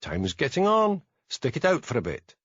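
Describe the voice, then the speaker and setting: A man playing a steady Highland police sergeant with a Scottish Highland accent in an audiobook, calm and dry. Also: normal speed, slightly rough, no echo, muffled recording, heavily acted. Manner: calm, dry, gently commanding.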